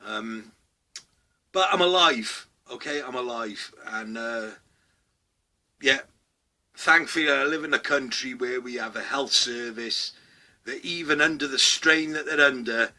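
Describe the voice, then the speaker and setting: A middle-aged man hosting a comedy vlog, ranting loudly, swearing a lot and tagging his lines with "okay?". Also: medium pitch. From Wales. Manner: loud, sweary, rambling, with constant "okay?" asides. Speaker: vlog host. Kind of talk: satirical comedy rant.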